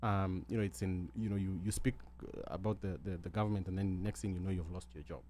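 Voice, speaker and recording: A Kenyan man with a fairly low voice speaks on a panel talk show. He talks in a loose, halting way, often restarting his sentences as he tells his story. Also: steady tone, mellow. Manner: halting, many restarts, switches between English and Swahili. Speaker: guest.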